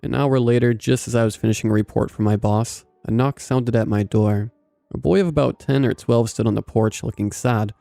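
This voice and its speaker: A man narrating a scripted first-person story in a measured, even way. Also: medium pitch, vocal fry, no room sound.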